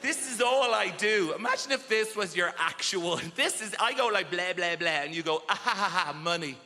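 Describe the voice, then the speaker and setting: A man performing a stand-up comedy set in a theatre, animated and acting out other people in loud voices. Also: sits high, moderate pace, very noisy. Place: large theatre stage before a live audience. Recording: roomy hall with loud audience laughter.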